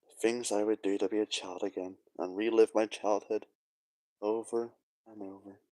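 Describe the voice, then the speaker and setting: A man's voice: on the low side, little pitch movement, moderate pace, a little mellow, dry recording. A young man talking casually to camera, rambling and wistful, with many fillers and sighs. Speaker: vlogger. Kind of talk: casual nostalgic monologue.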